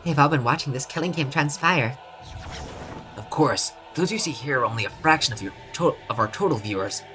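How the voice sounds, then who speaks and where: A woman's voice: a bass voice, lively intonation, brisk, over music. Monokuma, a woman doing a gloating bear headmaster. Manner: gloating, taunting. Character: mischievous male bear headmaster.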